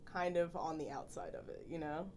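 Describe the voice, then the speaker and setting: Animated young woman, low-pitched. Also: moderate pace, slight background noise. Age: young adult. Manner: animated, laughing, filler-heavy. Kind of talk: casual podcast chat.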